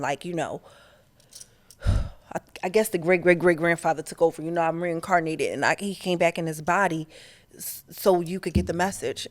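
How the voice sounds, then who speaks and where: A woman hosting her own show, talking straight to listeners in a loose monologue. She is candid and animated, with plenty of slang and profanity. Her voice sits a little low for a woman. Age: adult, past her teens. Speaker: podcast host. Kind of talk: casual spiritual monologue.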